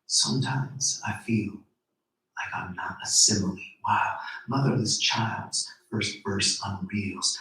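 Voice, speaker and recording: A man giving a slow, deliberate, rhythmic live poetry reading. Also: fairly low pitch, sharp tone. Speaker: poet reading his work. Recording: very echoey room, voice from far off.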